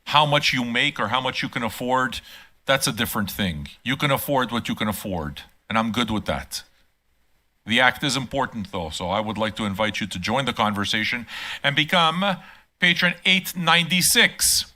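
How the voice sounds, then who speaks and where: Bright-voiced older man ranting playfully. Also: mid-range voice, lively intonation, moderate pace. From Quebec. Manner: profane, teasing, rants loudly at times. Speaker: channel host. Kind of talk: casual live-stream monologue.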